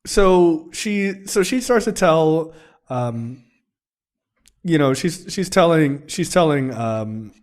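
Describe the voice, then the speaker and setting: A man's voice: a little high, animated, slow pace. A young adult man co-hosting a casual film review podcast, rambling and laughing often as he recaps the plot. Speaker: podcast co-host.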